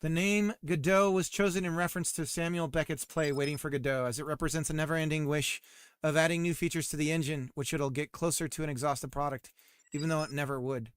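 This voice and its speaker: A man's voice: fairly high pitch, steady tone, fast talker, clean tone, no room sound. A man game developer livestreaming, chatting casually while coding, rambling and self-mocking with frequent laughs.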